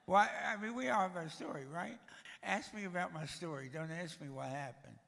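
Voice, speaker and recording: A man's voice: a little high, normal speed, gravelly, a bit bright, long reverb tail. An older man giving a storytelling talk at a church, with a dry, joking manner. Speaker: guest speaker.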